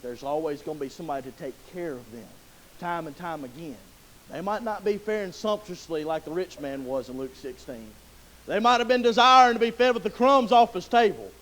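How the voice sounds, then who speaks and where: A man preaching a sermon in a church, folksy and conversational, rising to loud emotional pleading. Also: a little high, rough recording. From Southern US. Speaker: pastor. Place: church sanctuary.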